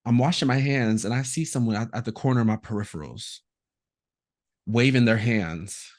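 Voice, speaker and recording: Animated man telling a story. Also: mid-range voice, normal speed. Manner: animated storyteller, acts out quotes. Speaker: podcast host. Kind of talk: casual podcast chat.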